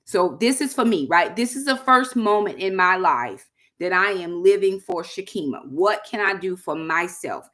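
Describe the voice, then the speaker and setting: A woman's voice: on the low side, animated, moderate pace, fairly bright tone. Chatty woman hosting a livestream. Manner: chatty, addresses viewers as y'all. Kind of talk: casual livestream chat.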